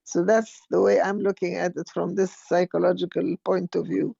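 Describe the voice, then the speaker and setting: Older Egyptian woman, gravelly and dark. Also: on the low side, flat delivery, moderate pace, no room sound, dull audio. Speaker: guest speaker. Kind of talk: casual online discussion.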